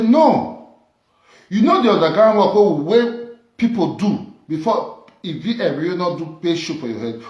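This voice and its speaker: In an echoey room, a Nigerian woman with a lowish voice vlogs a combative rant in Nigerian Pidgin English, mocking her target with taunt after repeated taunt.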